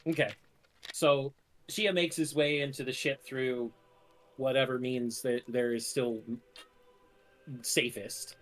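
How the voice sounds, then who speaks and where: A man's voice: medium pitch, steady tone, takes it slowly, long pauses, faint music behind. A man playing a tabletop role-playing game, narrating his character's actions in a casual, rambling way with many fillers. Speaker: player.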